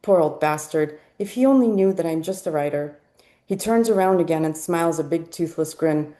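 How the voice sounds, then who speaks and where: A woman reading a personal essay aloud at a live event, wry and lively when she voices the people she quotes. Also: fairly low pitch, a little fast. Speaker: essay reader.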